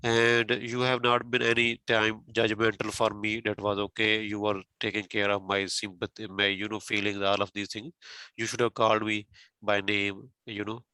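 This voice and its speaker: A man's voice: lowish voice, flat delivery, moderate pace, bright, forceful tone, smooth, no room sound, rough recording. A male tutor giving spoken feedback on a mock speaking exam, patiently explaining step by step and often saying "okay" and "you know".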